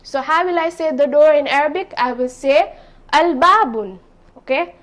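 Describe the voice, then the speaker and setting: A woman's voice: sits high, brisk. A woman teaching a beginner's language lesson, explaining patiently, repeating herself and checking understanding with "okay?". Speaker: Arabic teacher. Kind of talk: slow classroom explanation.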